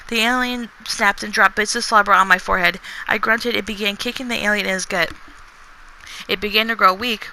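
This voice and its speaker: A woman's voice: medium pitch, pushed and bright, slight background noise, low-quality recording. A woman reading a chapter of her own book aloud, often stumbling and restarting words and stopping to comment on her writing. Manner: stumbling reading with frequent restarts and self-corrections. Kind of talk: casual read-aloud of a story chapter.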